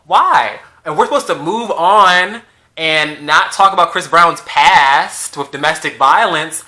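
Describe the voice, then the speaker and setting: A man's voice: high voice, pushed and bright. A man ranting in a social media commentary, emphatic and sassy, firing repeated rhetorical questions, with his mouth still swollen after wisdom teeth removal. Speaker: YouTube commentator.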